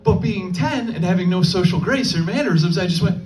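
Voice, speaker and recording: A young adult man performing a stand-up set, telling a story and quickly slipping into the voices of people he quotes. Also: high-pitched, expressive, a little mellow, some chatter behind. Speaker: stand-up comedian. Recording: distant mic, faint room ambience.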